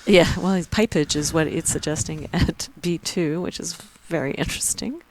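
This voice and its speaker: A woman with a Canadian accent giving chatty, excitable live commentary on a board game tournament. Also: low voice, normal speed, noisy background. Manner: chatty, excitable, laughs easily.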